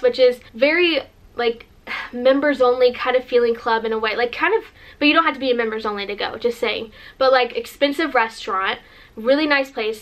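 Twenty-something american girl vlogging, kinda high voice, gushy and chatty, says like a lot. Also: a bit bright. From Northern California, USA. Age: 20s. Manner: gushing, chatty, heavy use of "like". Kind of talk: casual sit-down vlog chat.

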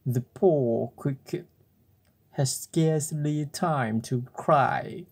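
A bedtime storyteller reads at a very slow, unhurried pace. The voice is mellow and breathy, soft enough to lull a listener to sleep. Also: medium pitch, lively intonation.

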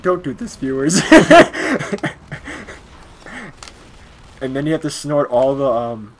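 A man playing a video game with a friend, excitable, often laughing and shrieking. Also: mid-range voice, brisk. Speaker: gamer. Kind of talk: casual gameplay chat.

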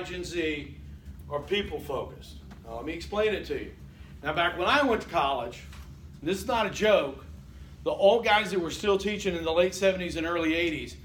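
A man's voice: high voice, a bit bright. An older man lecturing a college class in a conversational way, often checking in with "Okay?" and quizzing the students. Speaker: college instructor. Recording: echoey classroom from far off, faint hiss.

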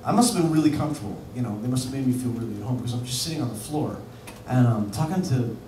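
A man of middling pitch spins a rambling, laughing story on stage, packed with "like" and "you know". The sound is distant and echoey in a bar venue, with steady noise around it. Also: rapid-fire. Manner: rambling and laughing, full of fillers. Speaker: musician telling a story on stage. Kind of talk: live anecdote. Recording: echoey live room from far off with noise.

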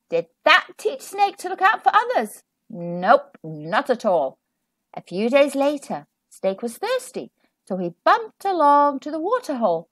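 Female storyteller for a kids' read-aloud, high bright-toned voice, unhurried, plays up sound effects. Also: dry recording, clean studio sound. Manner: expressive, voicing sound effects with sing-song emphasis. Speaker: children's storyteller. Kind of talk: children's picture book read-aloud.

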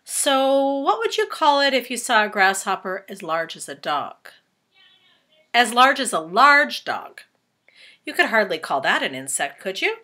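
A woman teacher reading a storybook aloud to children, animated and stopping to ask them questions. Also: fairly high pitch, measured pace.

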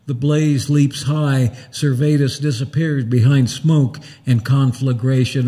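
A man's voice: medium pitch, mellow, breathy edge. A man narrating a one-man musical show with dramatic storytelling. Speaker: minister.

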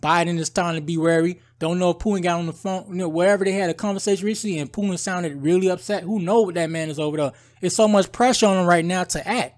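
High-voiced, heated man ranting. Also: quick pace, few pauses. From United States. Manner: heated, rambling, says "bro" and "guys" often. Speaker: political commentary vlogger. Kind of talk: casual ranting commentary.

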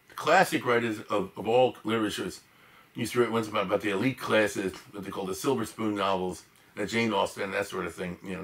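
A man giving an informal storytelling lecture, animated and emphatic, with chatty asides to the audience. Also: fairly low pitch. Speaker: lecturer on history.

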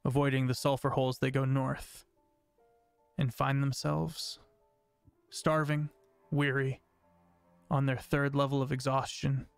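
Male GM, gravelly, close and dry; unhurried storytelling with filler words. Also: medium pitch, flat delivery, dry recording, faint music behind. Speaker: game master. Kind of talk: narrating a tabletop game.

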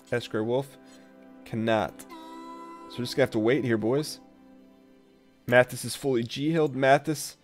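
A man doing let's play commentary on a colony game, talking to his colonists and jumping between rattled bursts and low mutters, with keyboard clicks behind. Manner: jumpy, talks to his colonists, spikes loud when tense.

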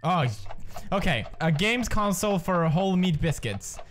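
A man playing a quiz game, shouting, laughing and swearing as he plays. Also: high-pitched, normal speed, a little hiss or hum. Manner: excitable, yelling and swearing at the game. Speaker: gamer. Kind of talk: let's play commentary.

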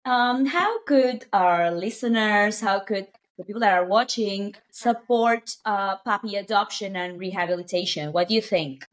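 A woman's voice: mid-range voice, unhurried, few pauses. Affirming woman interviewer. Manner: warmly affirming, frequent "mm-hmm" and "oh my". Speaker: interviewer, host. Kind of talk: casual interview chat.

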